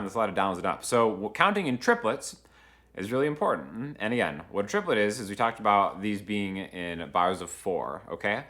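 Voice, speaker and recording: A man's voice: lowish voice, big pitch swings, brisk. A man teaching a guitar lesson in a casual, chatty way, counting beats aloud as he strums. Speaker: guitar instructor. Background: acoustic guitar playing.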